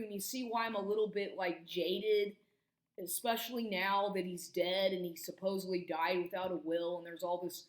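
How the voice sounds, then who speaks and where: Woman in her 40s ranting, low-ish voice, lots of stumbling restarts, echoey room. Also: fairly even intonation, normal speed. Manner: agitated, profane, stumbling restarts. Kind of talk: angry monologue to camera.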